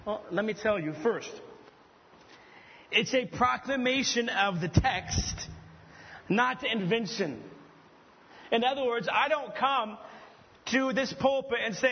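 A man with an extremely high, slightly rough voice preaches from a pulpit in a church hall to students learning to preach. He is expressive and slow, pausing often, with emphatic, repetitive, heralding phrasing. The audio is dull, lo-fi and reverberant.

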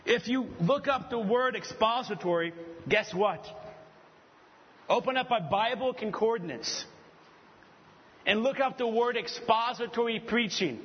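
A man's voice: very high voice, measured pace, pauses often, husky. A man preaching a sermon from a pulpit to students of preaching, with emphatic, repetitive, heralding phrasing. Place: church hall, at a pulpit. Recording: reverberant hall, dull lo-fi sound.

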